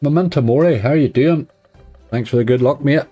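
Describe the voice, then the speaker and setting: A man's voice: medium pitch, fairly quick, mellow, faint music behind. A man hosting a late-night slots live stream, chatting casually, greeting viewers and laughing often. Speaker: slot streamer.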